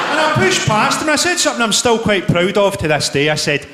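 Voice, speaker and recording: A Scottish man in his forties doing a live stand-up set, firing off profane, dark deadpan one-liners. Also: extremely high pitch, fast, few pauses, background noise. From Scotland. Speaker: stand-up comedian. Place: large theatre stage. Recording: echoey live theatre hall with loud crowd laughter.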